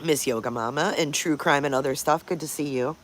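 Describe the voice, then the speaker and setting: A livestream host makes easy morning chat in a middling-pitch voice, fairly quick, with a little hiss or hum. The talk rambles from story to story, pausing often to greet viewers by name, and now and then the host breaks off to coo at pet dogs.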